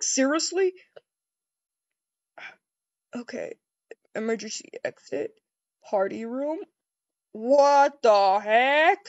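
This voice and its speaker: A woman doing a first-person role-play over a game, excitable and easily startled, rambling with stammered restarts. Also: on the high side, vocal fry, no room sound, muffled recording.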